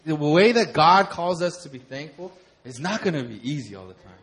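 A young man preaching, his voice sitting a little higher than most men's. He speaks conversationally, moving from quiet, earnest reflection into lively, laughing stories. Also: brisk, slightly rough. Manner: conversational, animated storytelling with laughter. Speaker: pastor. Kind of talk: sermon.

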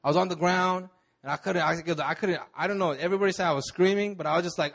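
A man's voice: high-pitched, fast, creaky, a bit bright. A man in his thirties, a pastor, telling his own story in a sermon in a casual, slangy way with many restarts. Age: 30s. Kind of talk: sermon testimony.

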